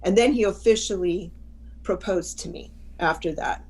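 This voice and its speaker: A woman's voice: fairly low pitch, moderate pace, darkish tone, breathy edge, poor audio. An older woman, a chaplain and interview guest, telling a personal story with animation and frequent restarts.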